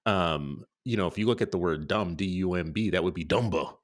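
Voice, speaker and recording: A man with a very deep voice chatting casually as a podcast co-host. His delivery is easy and unhurried. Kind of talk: casual chat.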